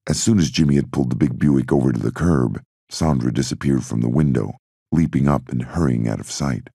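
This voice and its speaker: A man reading an audiobook in a steady, measured narration. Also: a bass voice, gravelly, breathy edge, no room sound, studio quality.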